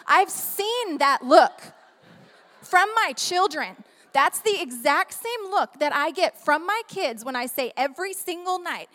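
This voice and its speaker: A woman preaching a sermon in an animated, humorous, conversational way, often asking the audience questions. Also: high voice, unhurried. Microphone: handheld microphone. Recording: long reverb of a large hall.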